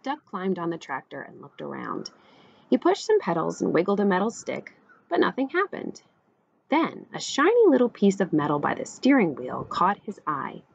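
Gravelly, animated woman reading a storybook. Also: lowish voice, normal speed, highs cut off, a little hiss or hum. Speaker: teacher reading to children. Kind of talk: children's picture book read-aloud.

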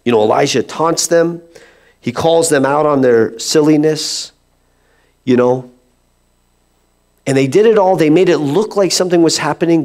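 A male pastor preaching an animated, conversational sermon, slipping into playful mock voices. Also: medium pitch.

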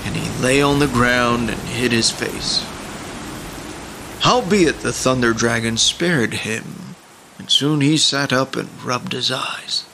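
A man narrating a storybook in a slow, deliberate reading style. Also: mid-range voice, background noise.

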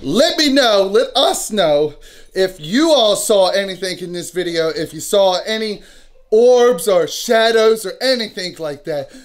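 A man in his thirties, an excitable family vlogger, out of breath and loud, wrapping up a home video. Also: high-pitched, unhurried. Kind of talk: casual home vlog outro.

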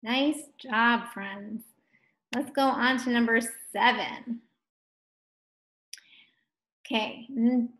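Slow-speaking woman teaching phonics. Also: a little high, fairly bright tone. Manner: slow, clear, encouraging teacher talk to children. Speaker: first grade teacher. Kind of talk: phonics lesson for young children. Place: home distance-learning recording.

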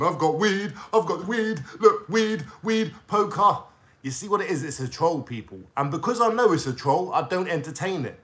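This young YouTuber from England, London accent and all, vents a confrontational, expletive-filled call-out rant at the camera using street slang. His pitch is a little high and his tone fairly bright.

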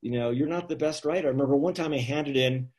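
A man, an author, telling his story in a relaxed, animated way, with frequent chuckles and asides. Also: mid-range voice, quick pace. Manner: animated anecdotes with many "you know" asides and chuckles. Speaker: author guest. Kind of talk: casual storytelling on a live video chat.

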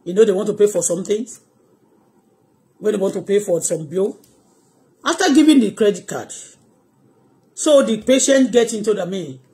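A woman's voice: mid-range voice, expressive, normal speed, pauses often, warm tone. A Nigerian-accented woman on a live-stream vlog, telling long anecdotes emphatically, with frequent asides. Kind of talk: casual live-stream storytelling.

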